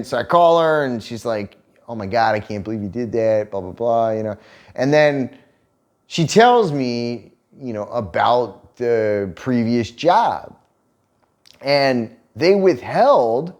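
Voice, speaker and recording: Animated, profane man telling a story. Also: medium pitch. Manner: profane, animated retelling with laughter. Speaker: vlog co-host. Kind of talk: casual storytelling.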